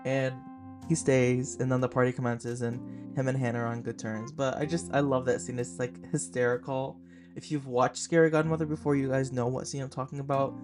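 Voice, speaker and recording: A man's voice: medium pitch, little pitch movement, a little fast, music in the background. Chatty young man gushing on a podcast. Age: 20s. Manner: chatty and gushing, with frequent "like" fillers. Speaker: podcast host. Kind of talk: casual film review podcast.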